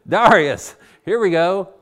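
A man preaching a Bible sermon in a chatty, animated way, swinging between loud and quiet. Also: sits high. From Virginia.

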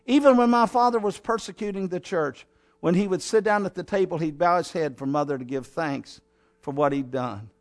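Very high-voiced man preaching dramatically. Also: moderate pace. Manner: dramatic storytelling, acting out scenes; swings between raised exhortation and low intimate asides. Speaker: pastor. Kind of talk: sermon.

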